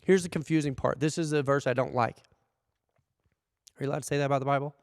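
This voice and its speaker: Man, pastor, preaching, animated, acts out voices, dry mic, long church reverb. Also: mid-range voice, fast. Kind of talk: sermon. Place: church hall.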